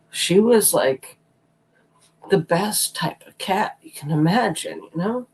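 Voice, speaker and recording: A co-host of a live stream who is crying, talking in a halting, hesitant way that trails off. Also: mid-range voice, expressive, a little mellow, slight background noise, poor audio. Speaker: livestream co-host. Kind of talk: casual live-stream chat.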